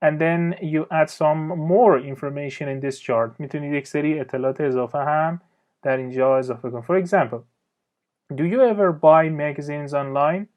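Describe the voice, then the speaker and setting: A man with a Persian accent teaching English, reading example sentences slowly and explaining them quickly in Persian, pausing often with fillers and restarts. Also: on the high side, darkish tone, highs cut off. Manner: hesitant, frequent uh fillers and restarts. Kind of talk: recorded language lesson.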